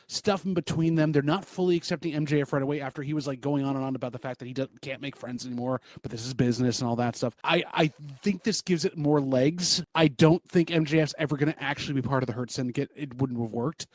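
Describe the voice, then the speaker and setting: Excitable male co-host, dry close sound. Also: mid-range voice, fast, dry recording. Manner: enthusiastic, excitable fan commentary. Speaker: podcast co-host. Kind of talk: casual chat, wrestling review.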